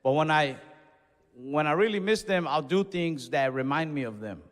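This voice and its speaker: A young man doing a stand-up comedy set, telling stories in a laid-back, deadpan way with quick asides. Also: fairly high pitch. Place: comedy club stage. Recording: reverberant club hall with faint crowd noise.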